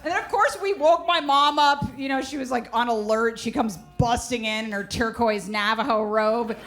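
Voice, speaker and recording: Brash deadpan woman stand-up, a bit high, live club mic with loud room noise. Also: normal speed. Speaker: stand-up comedian. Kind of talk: stand-up comedy. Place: comedy club stage. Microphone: handheld stage mic. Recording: noisy live stage recording. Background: audience laughter.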